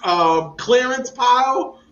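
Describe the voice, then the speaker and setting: A man's voice: extremely high pitch, expressive, slow pace, a bit bright, lo-fi sound. A man co-hosting a casual podcast, joking around and asking incredulous questions. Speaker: podcast co-host. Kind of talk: casual chat.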